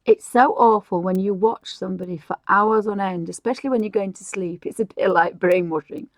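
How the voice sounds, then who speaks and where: A middle-aged woman from England chats loosely as she colours on a live stream, her thoughts wandering and doubling back. Her voice sits at an ordinary pitch, and the recording is dry and close, with no room around it. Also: a little fast, no echo. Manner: chatty and rambling, with frequent laughs and restarts. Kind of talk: casual chat while colouring.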